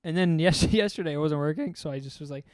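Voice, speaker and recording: Young male podcast co-host, slightly high voice, loose rambling storyteller, dry close mic. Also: fast, a little mellow, no echo. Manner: rambling storyteller, swears often, acts out quotes. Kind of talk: casual chat.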